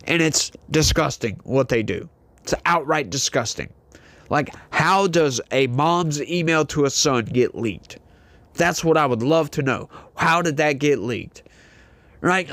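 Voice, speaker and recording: A man's voice: medium pitch, a bit bright, no room sound. A man hosting a commentary vlog, ranting indignantly with repeated rhetorical questions. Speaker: political commentary host.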